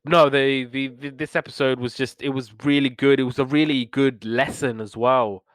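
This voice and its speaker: A man's voice: mid-range voice, steady tone, moderate pace, dry recording. A man, hosting a podcast and earnestly retelling a cartoon's plot in casual chat, slipping into characters' lines. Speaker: podcast host reviewing old cartoons.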